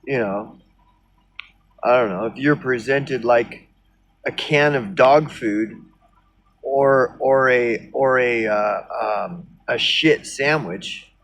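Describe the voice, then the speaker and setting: A man's voice: medium pitch, takes it slowly, a bit bright. A man ranting casually on his video blog, rambling and sardonic with lots of swearing. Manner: rambling, profane, sardonic, many fillers. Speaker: video blogger. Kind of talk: casual rant.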